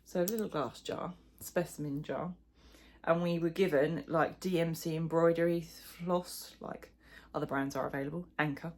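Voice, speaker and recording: A woman's voice: sits low, fairly even intonation, normal speed, a little mellow. A middle-aged woman chatting casually in a crochet vlog, rambling and self-deprecating, with plenty of fillers. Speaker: crochet vlogger. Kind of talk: casual chat.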